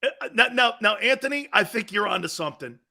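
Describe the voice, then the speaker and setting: A man's voice: high voice, animated, a little fast, creaky, sharp tone. A man hosting a live sports talk show, boisterous and teasing, reading chat messages and laughing a lot. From Italian-American background.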